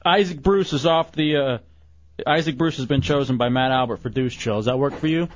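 A man's voice: medium pitch, brisk, no room sound. A man hosting a radio show, joking and teasing his co-hosts while running a fantasy football draft, often laughing. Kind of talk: casual radio banter. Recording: dull lo-fi radio recording.

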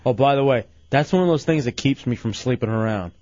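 A man hosting a casual late-night radio show, animated and full of incredulous questions, his voice going hoarse. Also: mid-range voice, fairly quick, dry recording, lo-fi sound.

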